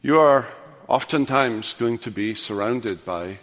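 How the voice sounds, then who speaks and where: An older man preaching a sermon as pastor, swinging from loud, animated passages to hushed, quiet endings. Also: medium pitch, slow, big-room sound. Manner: animated preaching, rising loud then dropping to hush. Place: church sanctuary.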